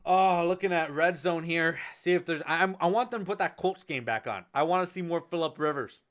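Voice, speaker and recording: A man calls a football game live for his stream in a high, bright voice that cuts through. He races through the action and bursts into shouts on the big plays, then chats casually with his viewers between downs. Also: fairly quick. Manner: excitable, shouts on big plays, chatty asides to chat. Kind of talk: excited live play-by-play commentary. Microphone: headphones with mic at a desk.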